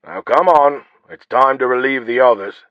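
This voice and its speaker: A man voicing gruff adult male dungeon guards in an audiobook, a little louder and slower than his narration. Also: medium pitch, no echo, lightly acted. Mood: grumbling. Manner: louder, slower and slightly raised voice. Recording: dull lo-fi dry audio.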